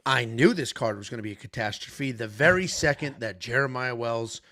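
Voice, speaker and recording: A man's voice: mid-range voice, moderate pace, bright, forceful tone. A man co-hosting a sports podcast, talking in a brash, joking, blunt way in casual chat. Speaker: podcast co-host.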